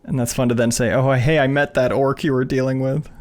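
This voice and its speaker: A man's voice: medium pitch, normal speed. A man hosting a casual gameplay stream, bantering playfully while commenting on the game. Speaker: host.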